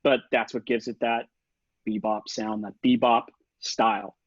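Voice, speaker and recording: A man's voice: on the low side, flat delivery, measured pace, dry recording. A man teaching saxophone in an online lesson, casual and chatty, singing rhythms and articulations with scat syllables over a video call. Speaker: saxophone instructor. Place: home setup for a virtual session. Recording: dull lo-fi video call audio.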